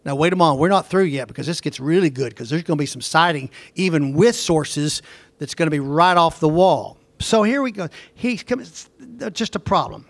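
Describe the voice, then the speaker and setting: A man's voice: on the high side, animated, fairly quick, no echo. A man teaching a Bible lecture in an emphatic way, repeating points and asking his class pointed questions.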